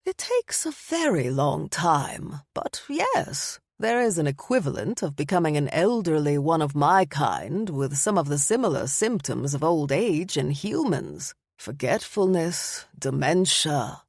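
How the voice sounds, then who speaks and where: A woman voicing a suave old male vampire pub owner with a British accent, polished and gently joking. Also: deep voice, big pitch swings, measured pace, hardly any pauses, no echo, studio quality, exaggerated voice. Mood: wistful.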